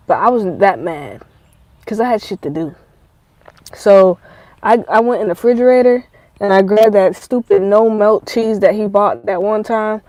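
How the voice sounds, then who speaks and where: A woman's voice: mid-range voice, moderate pace, no echo, poor audio. A woman vlogger telling rambling, profane stories in a casual monologue. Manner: profane, rambling, animated storytelling.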